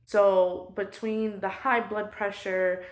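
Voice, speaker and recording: A woman's voice: mid-range voice, flat delivery, slow. A woman close to tears, venting her frustration in a personal vlog from her couch at home. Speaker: vlogger.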